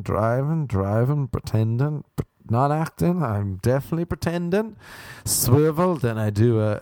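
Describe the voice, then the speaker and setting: A young man with an Irish accent talks in a loose, sweary, self-deprecating monologue. His voice sits on the low side. The sound is dry and close, with no room around it. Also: dark tone, dry recording. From Ireland. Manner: sweary, rambling, self-mocking, acts out other voices. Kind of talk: casual storytelling monologue.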